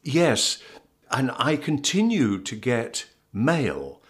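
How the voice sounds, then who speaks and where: Speaking at a medium pitch, an older English actor draws out his words in a sing-song way as he shares anecdotes as an interview guest. He keeps stammering and restarting, and he laughs along the way.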